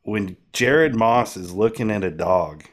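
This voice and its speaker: A man's voice: fairly low pitch, expressive, unhurried. A man co-hosting a podcast, thinking aloud in casual, rambling talk with many fillers. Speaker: podcast co-host. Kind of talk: casual chat.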